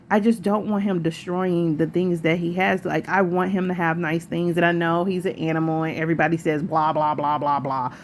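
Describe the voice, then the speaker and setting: Chatty woman vlogger, lower voice. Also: slight background noise. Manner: chatty, rambling, animated asides. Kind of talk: casual chat to camera. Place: home.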